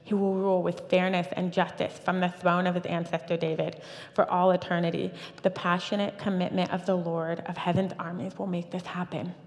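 Woman, thirties, lower voice, animated testimony, fillers and restarts, long hall reverb. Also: a little fast. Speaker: church speaker giving testimony. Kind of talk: personal testimony talk.

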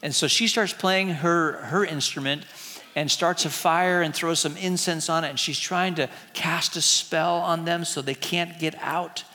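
Brief: lively storytelling teacher, man with a bright, ringing voice, echoey hall. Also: on the high side, unhurried. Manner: chatty, asks the audience questions. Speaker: teacher retelling a book. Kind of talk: storytelling to a group with slides.

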